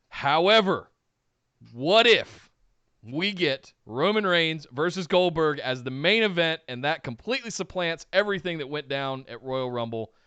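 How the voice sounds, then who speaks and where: A man with a high, bright, clear voice vents on a casual podcast, exasperated and sarcastic. His pitch swings widely as he talks. The sound is dry and close. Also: no echo. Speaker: podcast co-host. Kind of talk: casual wrestling podcast chat.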